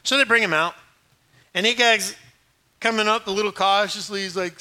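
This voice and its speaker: A middle-aged man preaching a sermon, animated and acting out scripture scenes in different voices. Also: sits high, a little fast. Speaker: pastor.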